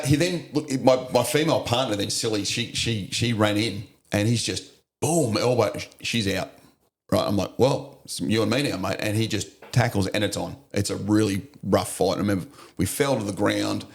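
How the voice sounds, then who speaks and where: Gravelly low-voiced Australian man. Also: moderate pace. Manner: blunt, sweary, animated retelling with laughs. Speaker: podcast guest, army, navy and police veteran. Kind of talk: casual interview storytelling.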